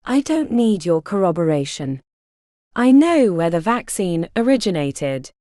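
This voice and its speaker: A woman's voice: on the low side, big pitch swings, unhurried, warm tone, no echo, studio quality. A woman reading the part of an arrogant male hospital doctor who speaks with contempt and threats. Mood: contemptuous.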